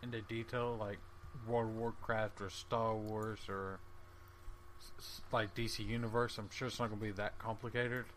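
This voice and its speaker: Give a man with a bright, sharp voice who explains game mechanics step by step on a casual podcast. He walks through each stage patiently and plainly. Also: on the low side, little pitch movement, normal speed, slight background noise. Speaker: podcast co-host. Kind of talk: casual gaming chat.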